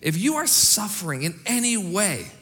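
A middle-aged man preaching from the stage of a large church auditorium, his bright, forceful voice carrying a long hall reverb. He shifts from loud, rallying calls to the congregation to quiet, confiding asides. His pitch sits a little high for a man. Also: big pitch swings, moderate pace. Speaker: pastor. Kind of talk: sermon and church announcements.

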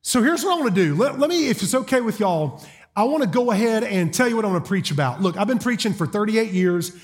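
A middle-aged Southern preacher from South Carolina with a notably high-pitched voice, delivering a sermon from a church stage. He talks in a folksy, joking, storytelling way. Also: animated, fast talker. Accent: Southern American. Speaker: guest preacher. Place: church auditorium.

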